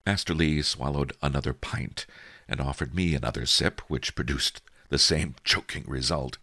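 A man narrating a first-person audiobook in a wry, measured way. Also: a bass voice, pushed and bright, no room sound.

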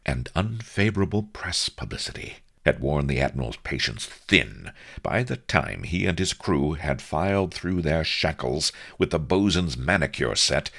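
A man reading a comic adventure story aloud as narrator, with wry, lively storytelling. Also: rumbling low, a little slow, vocal fry. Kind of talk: audiobook narration.

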